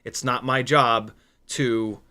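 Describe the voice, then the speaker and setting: A man's voice: medium pitch, steady tone, slow, sharp tone. A sleepy man in his forties or older hosting a drone livestream in casual chat, reading viewer comments aloud and rambling candidly with lots of fillers. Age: 40s or older. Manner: rambling and candid, with frequent fillers and self-mocking asides. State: tired, sleep deprived. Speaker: FPV drone livestream host.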